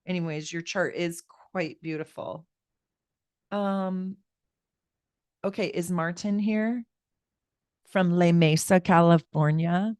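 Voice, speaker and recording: Woman, astrologer, low voice, dry sound, chatty, rambling, live-stream chart reading. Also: steady tone, slow, pauses often, a little mellow, clear, resonant tone, no echo. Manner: chatty, rambling, talks straight to viewers.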